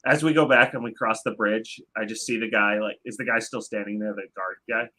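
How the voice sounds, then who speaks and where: A man's voice: fairly low pitch, steady tone, brisk, pushed and bright. A man playing in a tabletop game, impatient and joking. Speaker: player. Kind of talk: casual tabletop play.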